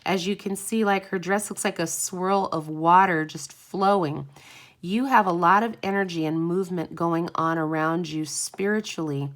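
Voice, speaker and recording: A woman's voice: fairly low pitch, normal speed. A woman hosting a live oracle card reading, effusive and encouraging, often exclaiming.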